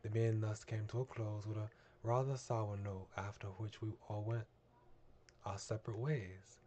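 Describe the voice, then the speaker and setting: A man reads the narration of a dark visual novel on stream, measured and earnest, slipping into small restarts. His voice sits on the low side. Faint room noise hums underneath. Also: level tone, lo-fi sound. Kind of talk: reading game narration aloud.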